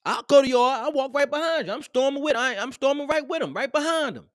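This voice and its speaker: A man telling a heated workplace story in a casual, animated and profane way, emphatic and expressive. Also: very high-pitched, quick pace, no echo, studio quality.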